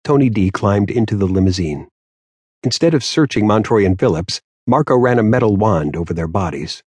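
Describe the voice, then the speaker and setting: A man narrating a crime novel audiobook in a steady, measured way. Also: lowish voice, breathy edge, no room sound, studio quality. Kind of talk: scripted narration.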